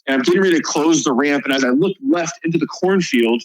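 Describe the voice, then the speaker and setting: A man's voice: fairly high pitch, quick pace, poor audio. A male soldier guest on a podcast, telling a combat story in a casual, profane way.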